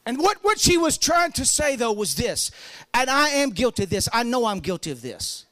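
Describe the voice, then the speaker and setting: Animated high-voiced male preacher. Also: moderate pace, no room sound. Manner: storytelling, animated swings from soft to loud. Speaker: pastor. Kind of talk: sermon.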